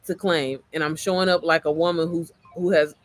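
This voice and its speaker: A woman with a worn, slightly hoarse voice, chatting casually and motivationally on a livestream, rambling, getting sidetracked and swearing freely. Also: sits low, steady tone, a little fast. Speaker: mom entrepreneur livestreamer.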